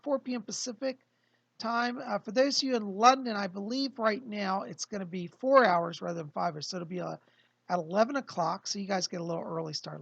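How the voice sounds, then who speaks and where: A man, a psychic medium, talking casually and calmly to his viewers from his home, explaining and reassuring. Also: high-pitched, gravelly, slightly rough, no room sound. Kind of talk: casual livestream talk.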